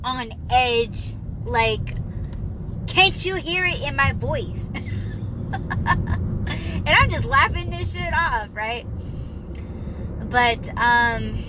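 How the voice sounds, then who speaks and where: Slow-talking woman ranting over traffic noise. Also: high-pitched, animated. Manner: heated, swearing, laughing it off. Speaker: podcast host. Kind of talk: casual solo podcast rant.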